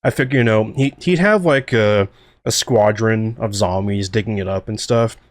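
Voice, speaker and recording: Excitable low-voiced man, rambling commentary. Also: normal speed, no room sound, studio quality. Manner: excitable, rambling with many fillers. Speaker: series creator and co-host. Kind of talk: casual director commentary.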